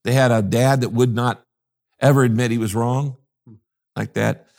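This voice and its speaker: A man's voice: medium pitch, fairly even intonation, normal speed, vocal fry, darkish tone. An older man, a pastor from the United States, talking in an interview in an emphatic, preacherly way and repeating his key phrases. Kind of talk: interview conversation.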